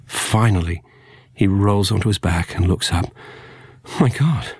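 Man narrating a novel, very low husky voice, measured and quiet. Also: fairly even intonation, no echo. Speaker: audiobook narrator. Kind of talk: scripted first-person narration.

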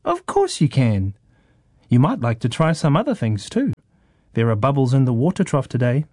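A man voicing a friendly female kindergarten teacher in a children's story, soft and encouraging. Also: medium pitch, huge pitch swings, normal speed, no room sound, studio quality.

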